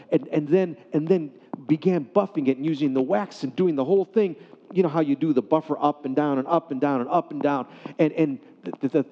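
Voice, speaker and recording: A man preaching a sermon, telling a story with animated swings between loud excitement and hushed softness. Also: fairly high pitch. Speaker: pastor. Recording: dull sound in a hall with long reverb.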